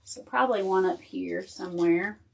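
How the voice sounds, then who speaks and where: A woman's voice: on the low side, moderate pace, gravelly, slightly rough. A woman hosting a casual live crafting tutorial. She thinks aloud as she works and chats with viewers and her dog.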